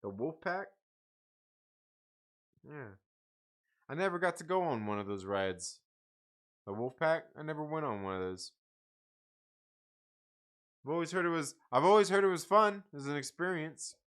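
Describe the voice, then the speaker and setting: Profane, animated livestream host, man. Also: on the high side, unhurried, pauses often. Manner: profane, rambling, laughs often. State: tired. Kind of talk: casual live chat reading viewer comments.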